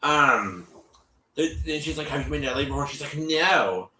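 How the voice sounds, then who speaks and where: Man, casual recap chat, bright tone, animated, roomy echo. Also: fairly high pitch, fairly quick. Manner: animated, lots of fillers and repeats, acts out quotes. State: coughing. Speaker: show host recapping a TV episode.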